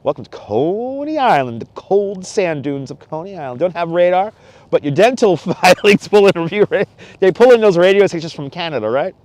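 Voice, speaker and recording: A man's voice: sits high, expressive, moderate pace, darkish tone, no room sound. Chatty New man streaming outdoors. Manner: chatty, laughs often, reads chat aloud. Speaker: livestream host. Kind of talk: casual live stream chat. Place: outdoors on a cold beach sand dune at night. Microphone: wireless clip-on mic.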